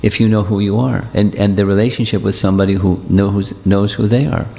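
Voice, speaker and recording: A man giving a devotional talk and answering questions, speaking in a gentle, repetitive, reassuring way. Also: fairly low pitch, fairly even intonation, fairly quick, creaky. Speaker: spiritual teacher. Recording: long hall reverb.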